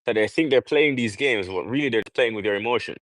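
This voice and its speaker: On his livestream, a young man from Jamaica delivers a casual monologue in a preachy, emphatic way, peppering it with rhetorical questions. He talks fast in a mid-range voice. The audio is poor, with no echo.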